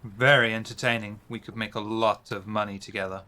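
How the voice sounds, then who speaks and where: A man's voice: fairly low pitch, steady tone, fairly quick, pushed and bright, voice pushed down. A man voicing a scheming male vampire fight promoter with a mock Russian accent. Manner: half-hearted Russian-ish accent.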